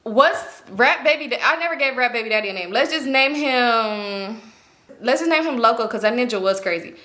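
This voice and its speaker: A young woman vlogger telling a story to her viewers in an animated, slangy, profane way. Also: on the high side, moderate pace. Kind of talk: storytime vlog.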